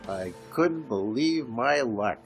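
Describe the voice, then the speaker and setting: A man's voice: mid-range voice, takes it slowly, creaky, husky. Older canadian guy rambling through a story, pokes fun at himself, faint music behind. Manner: rambling, self-mocking, speeds up when excited. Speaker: podcast host. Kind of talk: storytelling monologue.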